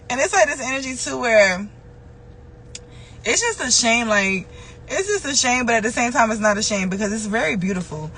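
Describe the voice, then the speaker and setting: A woman's voice: medium pitch, fairly bright tone, a little hiss or hum, low-quality recording. A woman giving a loose, conversational tarot reading. She curses freely and repeats phrases for emphasis. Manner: loose and conversational, with frequent swearing. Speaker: tarot reader. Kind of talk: casual spiritual tarot reading.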